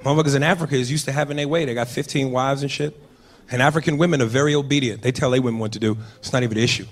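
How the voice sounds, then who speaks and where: A man's voice: mid-range voice, fairly even intonation, very fast. A man doing a brash, profane stand-up routine on a comedy club stage. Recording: live club with crowd laughter.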